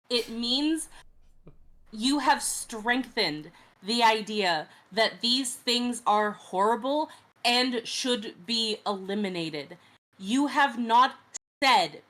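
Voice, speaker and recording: Slow, bright-voiced woman ranting. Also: a little high. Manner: emphatic, lecturing rant. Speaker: podcast guest. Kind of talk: casual chat.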